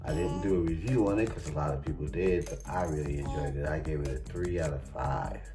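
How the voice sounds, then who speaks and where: A man's voice: extremely low pitch, fairly quick, over music. A man hosting a reaction video, chatting in a laid-back way and talking straight to his viewers. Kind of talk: casual reaction video intro.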